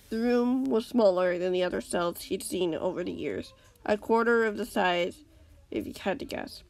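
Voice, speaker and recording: Storyteller, woman, expressive reading, lively pitch, a touch of fry. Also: a little slow, pauses often. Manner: expressive, with occasional slips. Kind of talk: reading fan fiction aloud.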